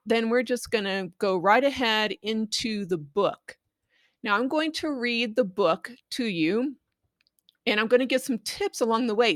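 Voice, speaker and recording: Woman, educator, instructional talk, patient, clear explanations, dry recording. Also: mid-range voice, fairly bright tone, dry recording. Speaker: Spanish language educator. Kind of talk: instructional talk on reading aloud.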